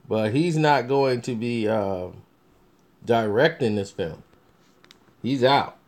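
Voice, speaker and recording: A man's voice: mid-range voice, slow pace. A man talking casually about upcoming films as a review vlogger, rambling with many restarts and fillers. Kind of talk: casual movie commentary.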